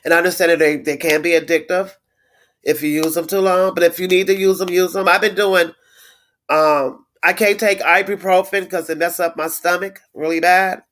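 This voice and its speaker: A woman's voice: fairly low pitch, steady tone, moderate pace, a bit bright. A middle-aged woman hosting a casual livestream. She is blunt and indignant, swears freely, repeats herself for emphasis and greets viewers by reading their comments. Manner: repeats words, reads viewer comments aloud. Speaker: livestream host. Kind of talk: casual live-stream chat.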